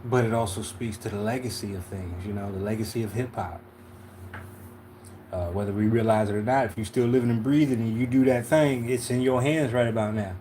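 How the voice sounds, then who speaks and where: A man's voice: lowish voice, brisk, mellow, slight background noise. A man from Philadelphia hosting a casual livestream tarot reading, laid-back and slangy, often checking in with "you know what I'm saying". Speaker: tarot reader, livestream host.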